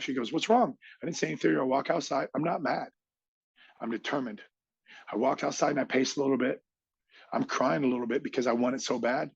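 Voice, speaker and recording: A man's voice: medium pitch, gravelly, breathy edge, no room sound, dull audio. A middle-aged man, a podcast guest, tells a motivational story with emphatic energy and acts out other people's lines.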